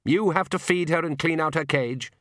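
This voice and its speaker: A man's voice: a little high, moderate pace, fairly bright tone, no room sound, studio quality, voice pushed up, lightly acted. A man voicing a suave, menacing aristocratic male vampire count with a mocking drawl in an audiobook. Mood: imperious.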